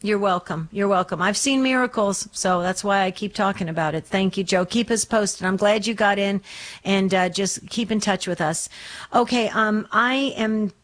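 A woman's voice: medium pitch, normal speed. A woman hosting a faith call-in radio show, talking earnestly and rambling with lots of ums and restarts. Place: Arizona studio.

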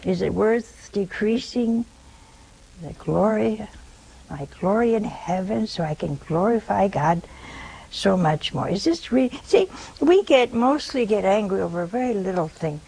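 A nun giving a spiritual talk in a conversational, gently teasing way, often checking in with her listeners with rhetorical questions. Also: medium pitch, expressive, measured pace, gravelly, husky, rough recording.

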